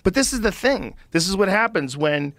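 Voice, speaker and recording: A man's voice: high-pitched, moderate pace, no room sound. A man hosting a podcast, telling stories in casual chat with lots of profanity, recorded on a studio mic. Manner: profane, animated storyteller. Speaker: podcast host.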